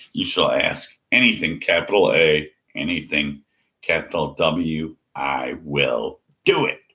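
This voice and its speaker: A man's voice: rumbling low, creaky, fairly bright tone. A man ranting scornfully in a monologue, mocking and repeating himself. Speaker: atheist vlogger.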